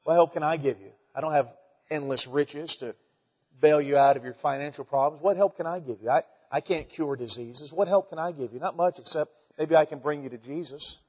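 A fairly high-voiced man preaches a sermon, folksy and animated, throwing rhetorical questions at his congregation. His voice rings with a long church-hall reverb, and the recording sounds dull and muffled. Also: fairly quick, husky. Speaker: pastor.

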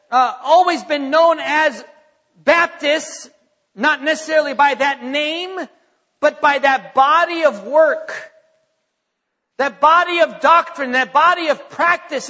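High-pitched preacher in a reverberant church. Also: male voice, pushed and bright. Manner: emphatic preaching with repetition and dramatic slowdowns. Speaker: pastor. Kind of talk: sermon. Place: church sanctuary. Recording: dull sound with long church reverb.

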